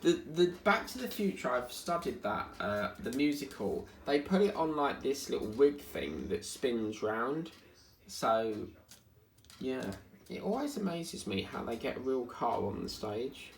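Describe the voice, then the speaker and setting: Working on his diamond painting, this male vlogger rambles and chats casually, breaking into hums and snippets of song. He speaks at a measured pace with a medium pitch, big pitch swings, and vocal fry, in an echoey room with faint background noise.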